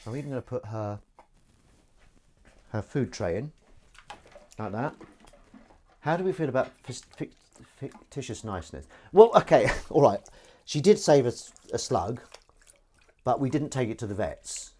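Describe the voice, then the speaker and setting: A man's voice: medium pitch, big pitch swings, moderate pace, pauses often, warm tone, slight background noise. Comedian guy rambling on a live stream at the sink, bouncy up-and-down voice, faint running water behind. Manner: rambling, self-deprecating, reads out chat comments. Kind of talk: casual live-stream chat to viewers.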